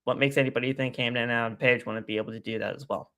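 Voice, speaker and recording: Guy guesting on a stream, bright sharp voice, rambles and repeats himself. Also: medium pitch, fast. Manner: animated, rambling, repeats phrases. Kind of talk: casual live-stream chat.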